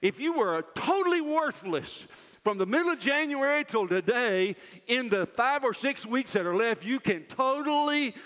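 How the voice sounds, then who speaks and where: Older male chapel speaker, forceful and high-pitched, preaching emphatically in a reverberant hall. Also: lively intonation, normal speed. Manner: loud, emphatic preaching that drops to a soft, self-mocking aside. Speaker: university president speaking at chapel. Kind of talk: chapel sermon to students.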